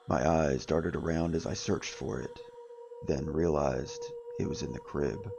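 Male horror narrator: low and gravelly, dramatic delivery over background music. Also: huge pitch swings, moderate pace, poor audio.

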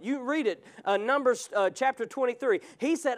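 High-pitched guy preaching hard in church, asking the crowd amen?. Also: moderate pace. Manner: fervent preaching with call-and-response asides. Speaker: pastor. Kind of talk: sermon. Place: church sanctuary.

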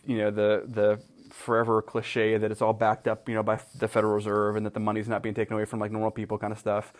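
A man co-hosting a casual movie chat, rambling with many fillers and restarts and teasing wryly. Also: fairly low pitch. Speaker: podcast co-host.

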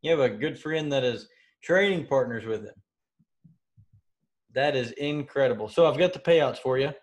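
A man's voice: mid-range voice, animated, normal speed. A man co-hosting a podcast, chatting in an easygoing way with fillers. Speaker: podcast co-host. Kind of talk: casual sports podcast chat.

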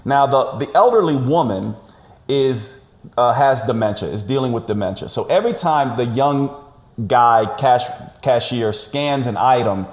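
A man joins a podcast over a call and tells his story with animated emphasis. His voice sits in a middle pitch. The sound is roomy, with echo around it. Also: unhurried. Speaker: podcast guest. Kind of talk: conversational storytelling. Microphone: remote call audio.

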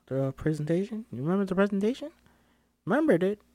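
A man's voice: sits high, big pitch swings, dark tone, dry recording, pitched above the performer's own voice. A man putting on a brassy fifties talent agent woman. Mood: brassy, pushy. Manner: brassy, fast, pushy. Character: salty old-school woman agent in her fifties.

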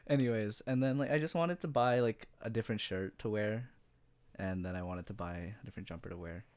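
A man's voice: lowish voice, a little fast, darkish tone, clear, resonant tone, no room sound. A young man co-hosting a podcast in casual chat, laid-back and swearing often. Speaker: podcast co-host.

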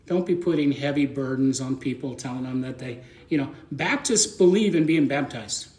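A man's voice: medium pitch, lively intonation, moderate pace, darkish tone. Folksy preacher man, echoey room. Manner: folksy, plain-spoken, repeats words as he thinks aloud. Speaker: pastor. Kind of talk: conversational sermon.

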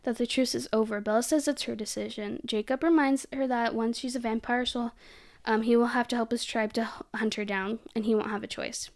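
A woman's voice: on the high side, steady tone, fairly quick, darkish tone. Chatty young woman podcast host. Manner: chatty, giggly, lots of "like" and "um". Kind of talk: casual chat recapping a film.

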